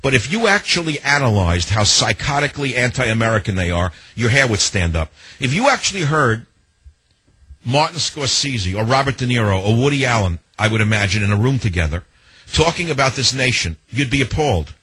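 A man's voice: mid-range voice, sing-song, a little fast, pushed and bright, husky, dry recording, low-quality recording. A man hosting a talk radio show, ranting in an opinionated monologue full of emphatic rhetorical questions, into a studio microphone.

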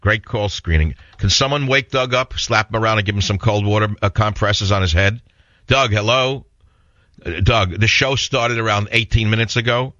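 A man's voice: fairly low pitch, moderate pace, sharp tone, no echo, lo-fi sound. A man with a New York accent hosting a talk radio show, combative and sarcastic in a rambling monologue.

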